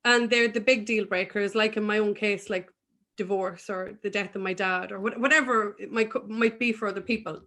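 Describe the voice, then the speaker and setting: A woman's voice: mid-range voice, steady tone, brisk, sharp tone. A woman guest in an earnest, emphatic spiritual conversation, speaking candidly about her own inner work.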